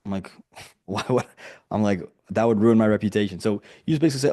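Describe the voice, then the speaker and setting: Speaking quickly in a dark, low-leaning voice, a man coaches a group video call. His manner is casual, and he leans heavily on "like" while acting out quoted dialogue.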